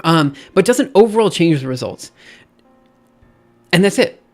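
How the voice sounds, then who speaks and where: A man's voice: sits high, animated, a little slow, faint music behind. A man streaming, reading a research paper aloud and ranting about it in an exasperated voice that keeps repeating and restarting itself. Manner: exasperated, repetitive, restarts often. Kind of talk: casual ranting commentary.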